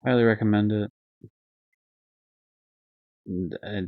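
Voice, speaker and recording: A man's voice: lowish voice, steady tone, normal speed, no echo. Young male streamer, loose and rambling with fillers and swearing, lo-fi dull recording. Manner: rambling, swearing, lots of fillers and self-corrections. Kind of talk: casual live-stream game review. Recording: dull lo-fi dry stream audio.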